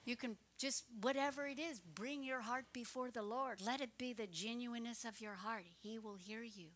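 Bright-voiced woman preaching earnestly. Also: a little high, moderate pace. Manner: earnest, swings from soft whispers to fervent prayer. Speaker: pastor. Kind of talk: sermon.

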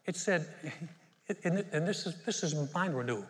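A middle-aged male pastor delivers a lively, joking sermon full of stories and asides. His voice sits a little high for a man. The sound carries a long reverb from a large hall. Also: moderate pace. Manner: humorous, animated, storytelling with asides.

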